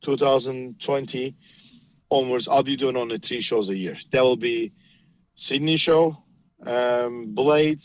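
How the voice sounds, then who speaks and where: A man's voice: medium pitch, steady tone, measured pace, no echo. A man talking casually on a podcast, plain-spoken and matter-of-fact, with the odd swear. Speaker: knife maker guest. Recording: dull lo-fi podcast mic.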